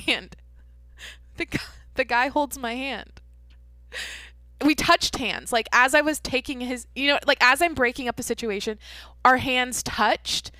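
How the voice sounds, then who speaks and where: A woman's voice: on the high side, pushed and bright, dry recording. A young adult woman hosting a podcast, telling a story in rambling casual chat, swearing freely with many fillers and restarts. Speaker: podcast host.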